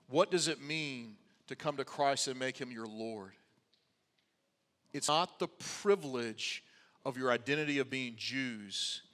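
A man's voice: fairly high pitch, sharp tone, long reverb tail. A male pastor preaching a sermon in a conversational way, with wry asides.

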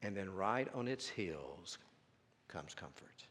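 A man preaching a sermon, dropping to near-whispers and then rising to loud, drawn-out emphasis, with stammered repeats. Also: low voice, lively intonation, slight background noise. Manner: swings between soft hushed lines and loud emphatic stresses, stammering repeats. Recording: long hall reverb.

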